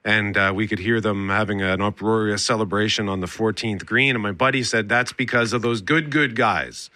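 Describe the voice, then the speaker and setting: A man co-hosting a radio show in casual chat, jokey and quick to laugh, often mimicking people he quotes. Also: lowish voice, sharp tone, no room sound.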